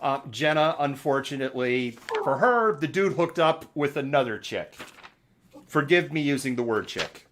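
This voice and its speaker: A man's voice: mid-range voice, lively intonation, moderate pace, fairly bright tone, slight background noise. A man hosting a live news commentary show, chatting in a sarcastic, mocking way. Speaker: host.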